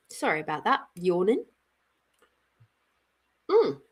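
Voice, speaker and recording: Slow-talking, giggly woman hosting a reading. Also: high voice, wildly swooping pitch, fairly bright tone, husky. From Australia. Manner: bubbly and giggly, talks to viewers by name. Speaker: intuitive card reader and live-stream host. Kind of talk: casual live-stream chat with viewers.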